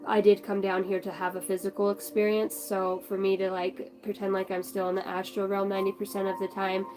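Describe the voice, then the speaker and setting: A woman's voice: mid-range voice, monotone, brisk, rough recording. Rambly young woman pulling oracle cards, chatty and loose, music playing behind her. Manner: rambling, chatty, casual swearing. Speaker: spiritual channel host. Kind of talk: casual tarot-style card reading vlog.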